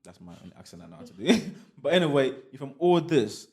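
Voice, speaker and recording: Podcast host guy, igbo nigerian roots, mid pitched, talks through examples, keeps asking you get me. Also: fast talker. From Nigeria (Igbo heritage). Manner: animated, explains by examples, repeats "you get what I'm saying". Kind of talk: casual conversation.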